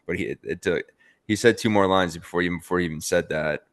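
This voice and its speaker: Deep-voiced man rambling on a podcast. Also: fast talker, no room sound, clean studio sound. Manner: rambling, sprinkles in "like" and swearing. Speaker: podcast co-host. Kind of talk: casual podcast chat.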